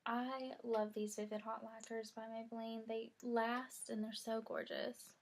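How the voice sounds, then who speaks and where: A woman's voice: fairly high pitch, little pitch movement, a little slow, a little hiss or hum. A young woman, chatting casually through a makeup tutorial and saying "y'all" a lot. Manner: chatty, rambling, says "y'all" often. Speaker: beauty vlogger.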